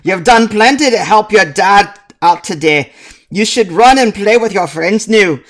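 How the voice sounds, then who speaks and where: A man's voice: high-pitched, lively intonation, a little slow, voice pushed up. Man doing a hearty dwarf baker. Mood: fatherly. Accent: put-on rustic dwarf brogue. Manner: loud, hearty, strained. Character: burly cheerful male dwarf baker.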